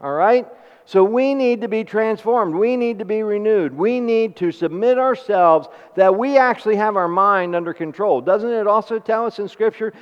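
A man preaching with lively call-and-response questions to his congregation, his fairly high voice ringing out in a long hall echo. The recording is a bit muffled and lacks crispness. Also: normal speed. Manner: animated call-and-response preaching with homely stories. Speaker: pastor. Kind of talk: sermon.

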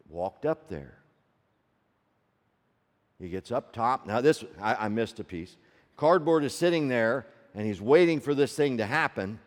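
A man preaching a sermon as a story, swinging from loud peaks to hushed low tones and asking the audience rhetorical questions. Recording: long reverb of a large hall.

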